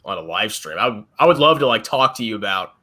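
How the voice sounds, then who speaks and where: A man's voice: fairly low pitch, expressive, a little fast, pushed and bright. A man co-hosting a casual livestream chat, blunt and sarcastic.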